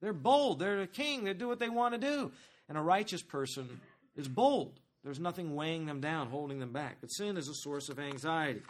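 A man preaching a sermon as pastor, talking to the congregation in a conversational, animated way and asking them questions. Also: on the high side, moderate pace.

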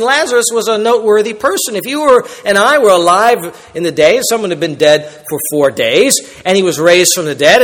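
A man preaching an emphatic sermon as a pastor, swinging between loud declarations and quiet asides. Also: high-pitched. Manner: emphatic preaching, rising and dropping in loudness. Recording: long reverb in a large hall.

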